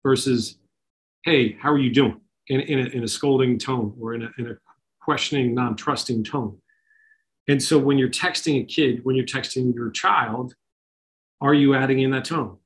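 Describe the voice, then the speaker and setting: A man's voice: medium pitch, fairly even intonation, moderate pace, poor audio. A middle-aged man giving an informal talk to parents, conversational, with many fillers and restarts. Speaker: speaker at a parent talk on kids and technology.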